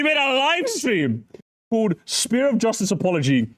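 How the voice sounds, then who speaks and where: A man's voice: sits high, brisk, dry recording, clean studio sound. A man streaming live and reacting to clips, mocking them and laughing a lot. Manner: animated, mocking, laughs often.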